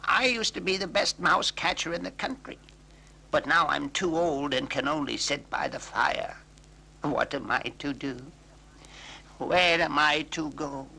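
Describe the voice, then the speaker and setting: A man voicing a weepy, self-pitying old male cat in a storybook record, whining high and throwing in meows. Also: unhurried, gravelly, bright, forceful tone, slightly rough, heavily acted. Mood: wailing.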